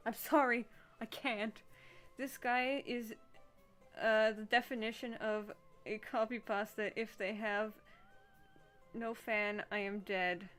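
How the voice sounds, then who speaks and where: Soft-spoken woman streaming a visual novel. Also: a little high. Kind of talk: reading and commenting on a visual novel.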